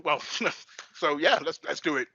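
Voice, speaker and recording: High, bright, husky hyped man in his fifties. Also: a little slow, no room sound, lo-fi sound. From England. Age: 50s. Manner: hyped and animated, swinging into playful voices. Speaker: event MC and interview guest. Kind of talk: casual interview chat.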